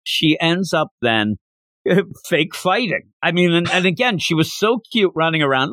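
A man hosts a casual manga podcast. He is animated and laughs often as he recaps. His voice sits a little high and sounds dry and close to the mic. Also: moderate pace, dry recording. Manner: animated, laughing, acts out quotes. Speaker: podcast host.

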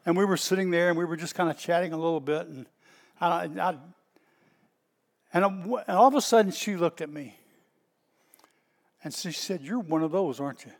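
A middle-aged man with a Southern US accent, a pastor preaching in a folksy, storytelling way that bursts out loud at times. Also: fairly high pitch, normal speed, vocal fry, long pauses, long reverb tail. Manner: folksy and animated, stretches words, bursts out loud. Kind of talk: storytelling sermon.

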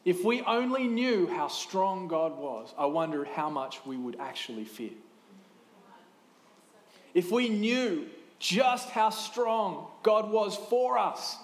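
A man in his thirties preaching a sermon in a lively, conversational way, with quick asides and restarts. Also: high-pitched, reverberant. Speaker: pastor.

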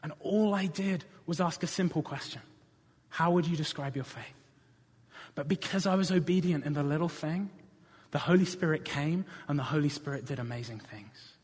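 A man's voice: a little high, moderate pace, husky. A man preaching a sermon, telling a personal story with earnest conviction and then building to passionate appeals to the congregation. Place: church. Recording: reverberant church hall.

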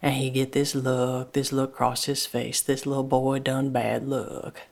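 Woman, gravelly voice, first-person dialect monologue, halting restarts. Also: rumbling low, level tone, a little mellow. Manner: plain-spoken, repetitive, halting restarts. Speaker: storyteller.

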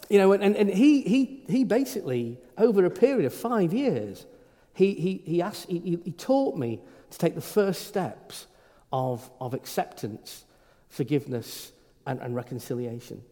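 This middle-aged priest speaks unhurriedly in a high-sitting, dark-toned voice with big pitch swings. His informal sermon is conversational and full of stumbles and restarts, recorded in a reverberant hall.

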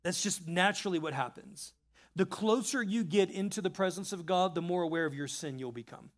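A man preaching a sermon in an animated, conversational way, reading scripture and adding casual asides. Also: high-pitched, fairly quick. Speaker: pastor.

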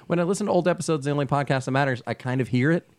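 A man's voice: on the high side, rapid-fire. A man from New Jersey with a New Jersey accent, hosting a podcast in casual chat and laughing often. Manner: laughs often, animated storyteller. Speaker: podcast host.

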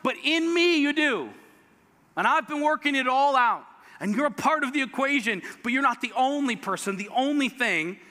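A man preaching a sermon as pastor, animated, acting out the voices in the story he tells. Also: very high voice, moderate pace. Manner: animated, acts out quoted voices of God and Elijah. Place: church sanctuary. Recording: reverberant church hall.

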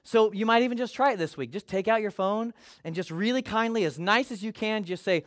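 A man delivers a sermon as a pastor, his voice sitting high for a man. He speaks to the congregation in an easy, conversational, expressive way at a fairly quick pace, slipping into little acted voices for the people he quotes.

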